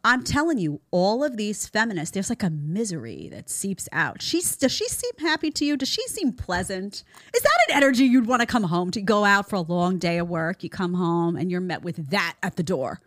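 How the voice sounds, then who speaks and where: Speaking at normal speed in a medium-pitched, very animated voice, this woman hosts a podcast full of sarcastic, opinionated takes and mocking impressions of others. The studio mic recording has no room sound.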